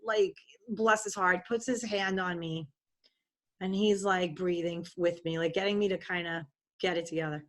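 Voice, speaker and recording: A middle-aged woman appearing as a podcast guest tells a personal story candidly and expressively, with many fillers. Her voice is on the low side and she speaks at normal speed.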